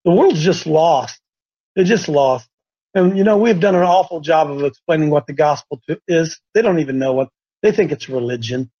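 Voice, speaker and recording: Husky high-voiced man telling a story. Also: normal speed, muffled recording. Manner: animated, stumbling, repetitive storyteller. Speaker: host. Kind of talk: faith talk show storytelling.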